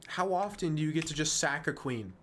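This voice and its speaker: A man streaming chess, talking fast and self-mocking through move lines, dropping to quiet muttering when frustrated. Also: on the high side, lively intonation, slight background noise. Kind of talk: casual live-stream game commentary.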